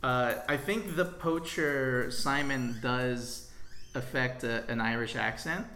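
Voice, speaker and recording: A man's voice: medium pitch, slow pace, sharp tone, a little hiss or hum. A man co-hosting a casual film podcast, explaining old film history in an easy, informative way. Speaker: podcast co-host. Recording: roomy echo.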